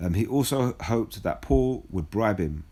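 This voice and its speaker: A man with a lowish, husky voice speaks in a blunt, heated way and swears often. He tells a personal story and moves into scripture reading as a religious speaker. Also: animated, a little slow, dark tone.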